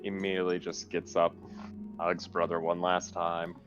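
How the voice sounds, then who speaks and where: A man's voice: low voice, completely flat delivery, normal speed, fairly bright tone, muffled recording, soft background music. A man playing in a tabletop game, casual and joking, fond of puns. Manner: joking, punny. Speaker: player.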